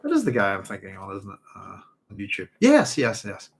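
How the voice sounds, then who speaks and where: A man's voice: fairly low pitch, huge pitch swings, brisk, creaky, slightly rough. A man hosting a live chat, rambling and hesitant as he reads out viewer comments. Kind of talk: casual live-stream chat.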